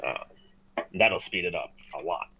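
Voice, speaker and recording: A man's voice: low-pitched, measured pace, vocal fry, pushed and bright, dull audio, slight background noise. A man appearing as a guest on a gaming podcast, easygoing, often agreeing with short replies. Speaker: guest co-host. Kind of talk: casual gaming podcast chat.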